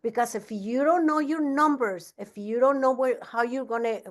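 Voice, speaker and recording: A woman giving a casual training talk as a business coach, energetic and often restarting her sentences. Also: a little high, moderate pace. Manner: energetic, repeats herself, frequent restarts.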